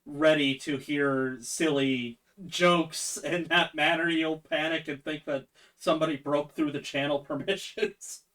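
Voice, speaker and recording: A man's voice: on the high side, fairly even intonation, unhurried, a bit bright, far from the mic. Easygoing Midwest Canadian man. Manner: easygoing, laughs often, trails off with fillers. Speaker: tabletop game player. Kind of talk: casual chat.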